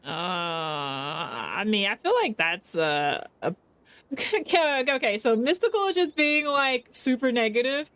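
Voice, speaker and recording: A woman's voice: fairly high pitch, lively intonation, measured pace, fairly bright tone, clear, resonant tone, no room sound. A young woman giving chatty commentary while playing a story game. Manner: chatty, lots of fillers and laughs. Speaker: game streamer. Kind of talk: playthrough commentary.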